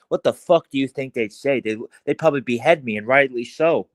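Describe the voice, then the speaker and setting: An Irish man talking as a podcast guest in casual chat, rambling with heavy swearing, halting restarts and fillers. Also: mid-range voice, no echo.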